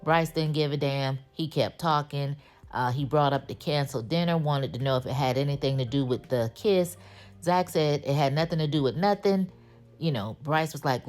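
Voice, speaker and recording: A woman's voice: deep voice, normal speed, darkish tone. A woman giving a casual, sassy recap of a TV episode, acting out the characters' lines. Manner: chatty, sassy storytelling that acts out the characters' lines. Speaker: TV recap host.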